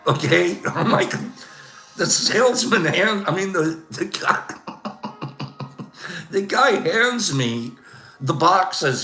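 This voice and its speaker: A man's voice: high-pitched, animated, slow, creaky, pauses often, sharp tone, reverberant, faint music behind. An older man hosting a casual livestream, telling rambling complaint stories with frequent laughs and a habitual "Okay?". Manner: chatty storyteller, laughs often, says "Okay?". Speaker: livestream host.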